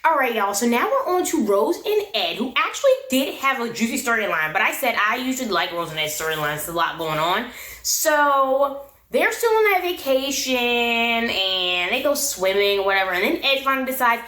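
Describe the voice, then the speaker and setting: A woman's voice: fairly high pitch, very animated, normal speed, pushed and bright. Slangy, opinionated woman in an echoey room. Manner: opinionated, slangy and laughing often. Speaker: recap and review vlogger. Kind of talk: casual reality-TV recap.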